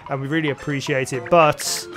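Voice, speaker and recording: A man voicing a cheerful young paper girl companion, upbeat and lifted a little higher than his own voice. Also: steady tone, normal speed, over music, natural voice.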